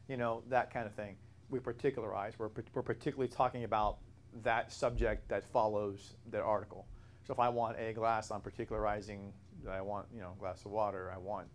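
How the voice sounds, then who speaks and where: A man's voice: lowish voice, a little hiss or hum. A man teaching a Bible study class, explaining points at length and answering questions from the room.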